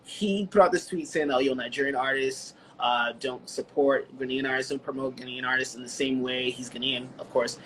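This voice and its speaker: A man's voice: medium pitch, steady tone, fairly quick, few pauses, a bit bright, slight background noise, low-quality recording. Man recapping news with filler words. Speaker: podcast co-host. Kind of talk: casual chat.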